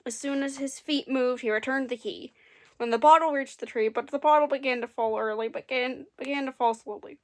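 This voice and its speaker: A woman's voice: sits high, brisk. Wry woman reading a storybook aloud. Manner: dry, amused commentary between readings.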